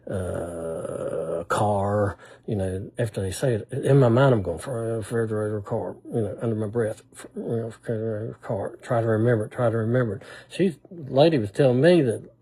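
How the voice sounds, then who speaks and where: A man's voice: lowish voice, moderate pace, dark tone, husky. An older man telling rambling, self-deprecating stories in a casual, folksy way. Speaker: humor vlogger. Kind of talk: casual storytelling monologue.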